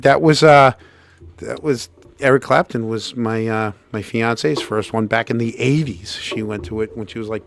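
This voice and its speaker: There's a slight hiss or hum behind this gravelly middle-aged man, a co-host on a casual show. Telling his story animatedly, he acts out what others said, his pitch jumping as he quotes them.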